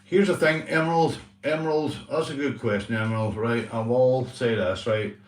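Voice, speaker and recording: A man's voice: medium pitch, normal speed, roomy sound, recorded from a distance. A man hosting a casual livestream chat, talking earnestly and repetitively, swearing and calling his viewers "mate". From Northern Ireland. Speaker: livestream host.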